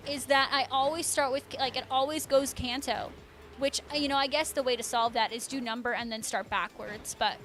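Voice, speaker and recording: Her voice is high-pitched and a little bright as this young adult woman streams live. Reading from chat, she gushes bubbily over viewers' messages, calls out their names, and keeps the talk casual.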